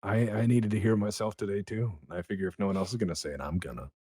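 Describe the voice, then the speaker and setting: Low, lively-voiced man on a podcast. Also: fast, slightly rough, no room sound, clean studio sound. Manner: animated, acts out other people's voices. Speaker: podcast guest. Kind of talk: casual podcast chat.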